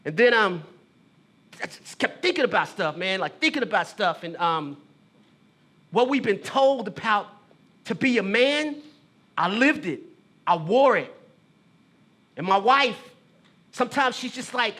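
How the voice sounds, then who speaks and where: Guy with a high bright voice doing a spoken-word style story, casual and slangy, kind of raw and halting. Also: big pitch swings. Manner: casual street talk, addressing a brother with "bro" and "man"; emotional, confessional, halting. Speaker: theater artist and poet. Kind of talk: theatrical storytelling monologue.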